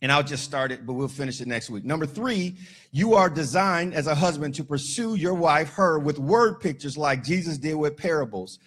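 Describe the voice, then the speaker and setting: A man preaching a lively sermon in a church, his voice high and ringing bright. He jokes with the congregation, slows down for emphasis and then bursts into shouts. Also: breathy edge. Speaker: pastor.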